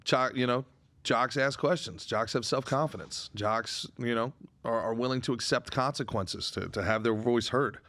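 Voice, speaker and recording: A man's voice: mid-range voice, normal speed, a bit bright, no room sound. A man in his twenties co-hosting a podcast, rambling casually with crude jokes and lots of filler words. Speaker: podcast co-host.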